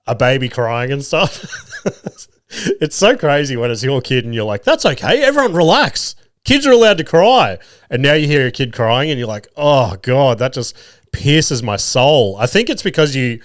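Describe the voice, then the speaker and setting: Speaking in a clear, resonant mid-range voice, an Australian man in his thirties hosts a podcast of casual storytelling. He swears his way through crude tales about his children and laughs at them. The recording is studio quality with no echo.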